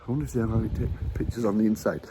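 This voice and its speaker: A man with a lowish, steady voice talks rapid-fire over background noise while vlogging outdoors. He climbs stairs a little out of breath, rambling casually and chuckling often as he reflects on faith in this walking vlog.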